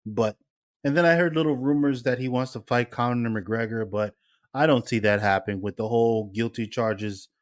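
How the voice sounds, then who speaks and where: A man's voice: medium pitch, normal speed. Blunt, foul-mouthed podcast co-host man. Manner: blunt, profane, joking. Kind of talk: casual chat.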